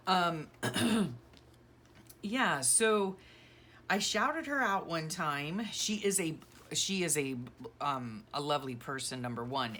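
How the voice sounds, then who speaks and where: Low, slow-talking gushing woman. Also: a bit bright, slight background noise. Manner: gushing, sentimental, rambling. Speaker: crafting vlogger. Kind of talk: casual chat while decluttering.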